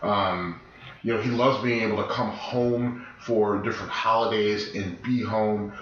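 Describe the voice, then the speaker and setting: A man co-hosting a podcast in casual chat, sick with his voice deeper than usual, talking emphatically in rambling restarts. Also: fairly even intonation, measured pace, fairly bright tone. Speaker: podcast co-host. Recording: echoey room, dull lo-fi sound, faint noise.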